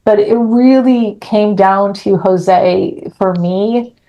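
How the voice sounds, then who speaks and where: A woman's voice: medium pitch, slow, dull audio. A middle-aged woman, a podcast guest, telling a personal story with animation and acting out the dialogue in a frank, blunt way.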